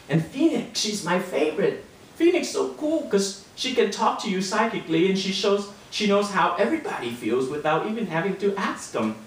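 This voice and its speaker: A man reading his own short story aloud to an audience, in a boy narrator's voice, with livelier, higher quoted lines. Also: slight background noise. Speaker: author reading his fiction. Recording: roomy and distant, heard from across the room.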